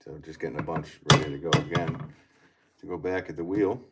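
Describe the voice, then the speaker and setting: Low-voiced man chatting in noisy studio. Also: fairly even intonation, fairly quick. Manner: easygoing, thinks aloud, reads chat comments. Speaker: potter streaming live. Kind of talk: casual live-stream chat while working. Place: pottery studio. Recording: loud background noise with clicks.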